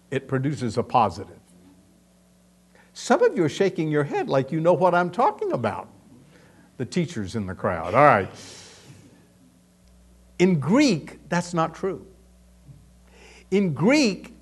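Before a live congregation, a man with a mid-range voice preaches a sermon. He is emphatic, building to loud peaks as he reads scripture and poses questions to the audience.

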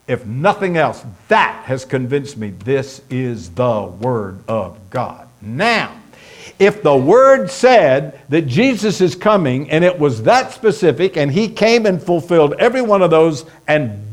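Emphatic preacher man, lively pitch. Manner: emphatic, repeats points for stress, speeds up when listing. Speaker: pastor. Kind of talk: sermon.

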